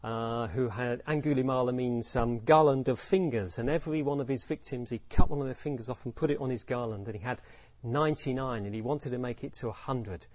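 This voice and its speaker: Casting: male Buddhist teacher, husky, dry close sound, reflective storyteller. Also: mid-range voice, a little fast, few pauses, a little mellow, no echo. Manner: reflective, poses rhetorical questions, acts out quotes. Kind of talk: Dharma talk with storytelling.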